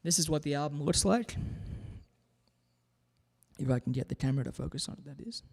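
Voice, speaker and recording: A man's voice: fairly high pitch, a little fast, gravelly, slightly rough, long reverb tail. A man from Australia whose accent carries a slight Southern US drawl, chatting casually and reading out comments as he hosts a live guitar show from home. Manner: relaxed, chatty, reads out viewer comments. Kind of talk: casual livestream chat between songs.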